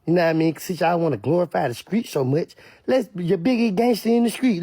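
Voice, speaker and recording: Louisiana man, blunt emphatic commentator, husky and gravelly, dry close sound. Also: high-pitched, expressive, brisk, warm tone, dry recording. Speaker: online commentator. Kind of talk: casual commentary rant.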